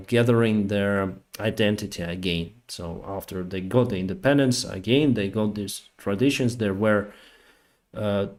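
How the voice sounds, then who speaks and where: A man with a fairly low voice hosts a casual live stream. He tells stories in a loose, rambling way, full of fillers, and acts out the other people in them. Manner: rambling, with frequent fillers and acted-out quotes.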